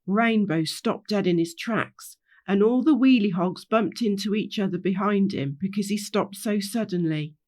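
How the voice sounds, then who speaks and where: Brief: woman narrating a kids' story, lively intonation. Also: mid-range voice. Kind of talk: children's story reading.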